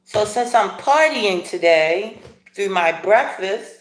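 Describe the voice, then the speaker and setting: A middle-aged woman hosting a casual livestream, chatting in a rambling, playful way with animated asides. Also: mid-range voice, takes it slowly, reverberant, background noise. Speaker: livestream host. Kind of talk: casual live chat while eating breakfast.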